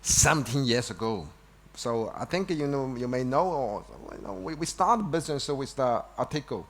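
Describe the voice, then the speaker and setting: A man giving an unscripted keynote on an event stage, halting, with many restarts and fillers like "you know". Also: mid-range voice, expressive. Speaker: company executive giving a keynote. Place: event stage before an audience.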